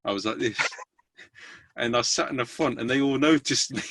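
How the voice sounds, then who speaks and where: A man hosts a podcast in easy conversation, his voice mid-pitched and recorded dry and close. He rambles, hesitates, and often restarts his sentences. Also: moderate pace, a bit bright, no room sound. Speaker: podcast host. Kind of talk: casual interview chat.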